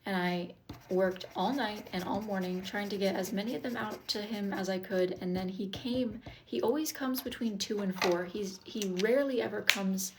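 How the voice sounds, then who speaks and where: A woman's voice: mid-range voice, moderate pace, background noise. A woman chatting casually on a live stream, stressed and blunt, rambling and swearing as she reads comments. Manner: repeats herself, restarts sentences. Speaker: TikTok live streamer, wood-burning artist.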